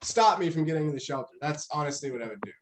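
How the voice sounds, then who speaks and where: A man's voice: fairly high pitch, expressive, very fast, slight background noise. A young man in casual podcast chat, blunt and swearing, with many stammered restarts. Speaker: podcast co-host.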